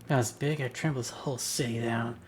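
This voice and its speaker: A man voicing a short-tempered small woman police officer who snaps in loud outbursts while reading a game aloud. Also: medium pitch, measured pace, a little hiss or hum, natural voice. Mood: sullen.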